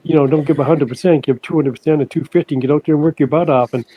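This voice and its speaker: An older man, a guest on an interview podcast, telling stories in a halting way that repeats words, and he puts on higher voices for the people he quotes. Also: steady tone, husky, muffled recording. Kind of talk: casual storytelling interview.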